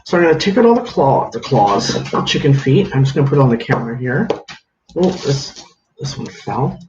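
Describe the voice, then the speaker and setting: A man's voice: medium pitch, very animated, moderate pace. A man chatting casually on a home livestream, greeting viewers by name as he works at a counter. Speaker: livestream host. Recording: echoey room, dull lo-fi sound, faint hiss.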